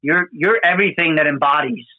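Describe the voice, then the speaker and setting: A man tells emotional field stories in an earnest, halting way, his voice sitting a bit high. The audio is narrow and phone-like, dry with no room sound. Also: no room sound. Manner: earnest, emotional storytelling with many fillers. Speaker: podcast host, FDNY firefighter. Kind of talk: conversational storytelling.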